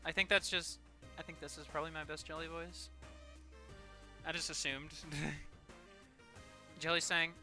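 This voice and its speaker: A man's voice: fairly high pitch, steady tone, moderate pace, pauses often, bright, forceful tone, soft background music. A man streaming a video game, casually chatting with viewers, swearing and laughing often. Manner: swears a lot, laughs often, banters with chat. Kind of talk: casual gaming stream chat.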